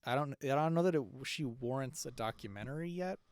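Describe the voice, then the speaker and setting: A man's voice: mid-range voice, brisk, smooth. A young man co-hosting a podcast in casual chat, rambling with lots of fillers and restarts. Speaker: podcast co-host.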